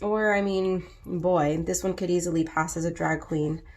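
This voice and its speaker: A woman's voice: fairly low pitch, steady tone, moderate pace, a little mellow. A congested woman hosting a coloring video, chatting casually in a playful, rambling way with plenty of swearing. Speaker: coloring book artist and host. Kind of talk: casual chat while coloring.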